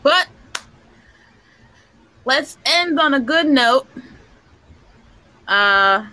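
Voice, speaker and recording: Bright-voiced chatty woman hosting. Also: high-pitched, expressive, extremely slow, low-quality recording. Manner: laughs often, chatty storytelling. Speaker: parent support group host. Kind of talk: casual group chat.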